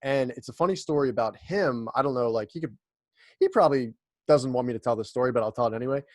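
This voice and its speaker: A man's voice: mid-range voice, quick pace, dry recording, studio quality. A young man hosting a podcast in casual chat, laid-back and profane, laughing often. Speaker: podcast host.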